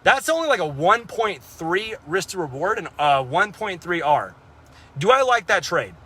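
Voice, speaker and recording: A man's voice: high voice, sing-song, normal speed, pushed and bright, breathy edge. A young man vlogging casually about crypto trading, blunt and profane, rambling with lots of fillers. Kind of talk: casual talk to camera.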